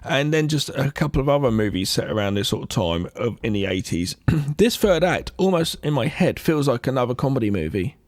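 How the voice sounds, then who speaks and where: A man's voice: mid-range voice, brisk, no echo, clean studio sound. A man co-hosting a podcast, chatting enthusiastically about a film. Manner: enthusiastic, animated opinions. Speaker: podcast co-host. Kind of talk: casual film-review chat.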